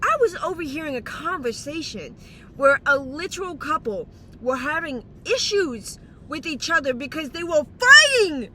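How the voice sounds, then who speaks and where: Ranting heatedly in a casual vlog, a young woman hands out life advice with lots of exclamations and swearing. Dental aligners give her a slight lisp, and her high, sing-song voice sounds pushed and bright at a moderate pace, with a little hiss or hum behind it.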